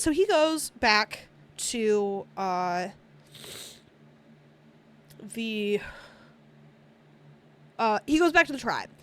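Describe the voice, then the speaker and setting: This woman streamer has a fairly bright voice on the high side. Casually recapping a movie, she rambles, swears a lot, and acts out what the characters say.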